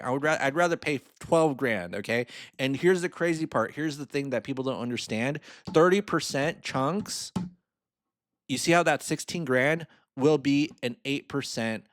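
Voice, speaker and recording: Man, casual finance lesson, chatty and playful, mid-pitched voice, dry close sound. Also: no echo. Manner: chatty, playful asides, chuckles. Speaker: financial mentor. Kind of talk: casual screen-share lesson.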